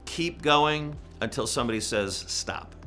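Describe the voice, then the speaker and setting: A man's voice: mid-range voice, animated, a little slow, sharp tone, soft background music. A man giving frank, casual coaching to church singers, with plenty of fillers and little demonstrations. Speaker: worship music director. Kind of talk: instructional talk to church singers.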